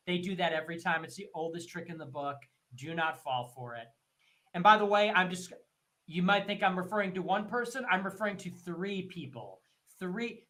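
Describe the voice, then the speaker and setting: A man hosting a livestream, ranting in heated, profane commentary and repeating his points. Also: fairly bright tone. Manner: mocks others in shrill put-on voices. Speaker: livestream host.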